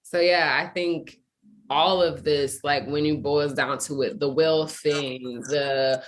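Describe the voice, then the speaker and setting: A young adult woman, a guest in casual conversation, telling a story in animated, quick bursts. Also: sits low.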